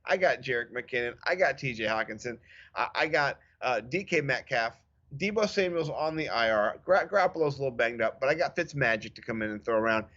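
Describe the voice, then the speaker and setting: A man in his thirties co-hosting a casual fantasy football podcast, telling stories with lively acted-out quotes. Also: mid-range voice, fairly quick, highs cut off. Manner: animated storyteller, acts out quotes. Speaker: podcast co-host. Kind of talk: casual sports chat.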